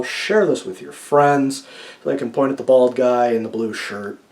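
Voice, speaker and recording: A man with a medium-pitched voice talks to camera about writing, casual and full of opinions. He keeps checking "okay?" while swinging from loud, emphatic lines to quiet asides.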